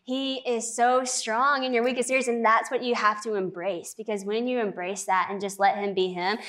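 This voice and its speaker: A woman's voice: a little high, fairly even intonation, normal speed, fairly bright tone. A twenty-year-old woman sharing her faith story as a guest, earnest and chatty, with lots of "like.". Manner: earnest, chatty, heavy use of "like". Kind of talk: faith testimony in conversation.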